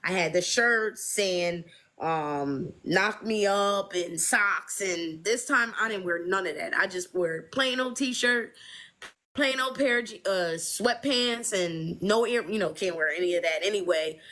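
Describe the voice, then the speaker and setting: Bright-voiced woman telling her story. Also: a little slow. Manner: animated, acts out quoted voices in high pitch. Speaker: guest sharing her fertility journey. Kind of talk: casual storytelling.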